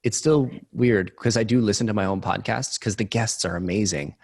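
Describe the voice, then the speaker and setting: A man co-hosting a podcast in relaxed, chatty, self-deprecating conversation with his guest. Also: fairly low pitch, a little fast, gravelly, breathy edge. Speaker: podcast co-host. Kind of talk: casual interview chat.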